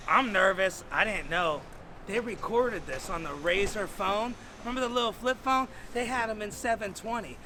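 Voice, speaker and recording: A man telling a crude, rambling stand-up story in an animated way. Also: sits high, normal speed, slight background noise. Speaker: stand-up comedian.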